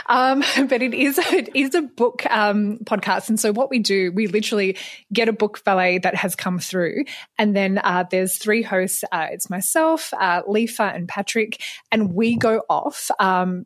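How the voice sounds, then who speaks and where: A woman's voice: medium pitch, dry recording. Aussie lady librarian chatting about books, lots of ums and laughs, dry sound. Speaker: librarian and podcast co-host, guest. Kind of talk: casual interview chat.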